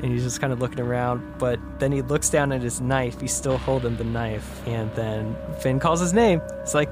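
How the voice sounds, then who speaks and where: A man on a podcast casually retelling a short film idea, acting out the characters' lines with big jumps in voice and hushed whispers. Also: mid-range voice, moderate pace, faint music behind. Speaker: podcast co-host.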